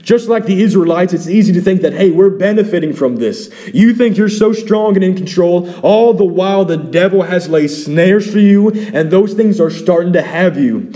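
A man's voice: high-pitched, normal speed, hardly any pauses, dark tone. A man preaching a sermon as pastor, reading scripture and pressing his congregation with repeated questions.

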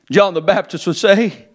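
A man preaching with a very high voice. His sermon rises into fervent, shouted emphasis, then drops back to quiet, low asides. He addresses a congregation as their preacher. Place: church service before a congregation.

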